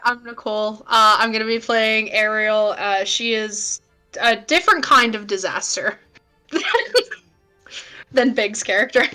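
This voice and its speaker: A woman's voice: fairly high pitch, takes it slowly, pushed and bright, faint music behind. A woman playing in a tabletop game, chatting casually in a giggly, easygoing way. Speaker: player. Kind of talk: casual chat.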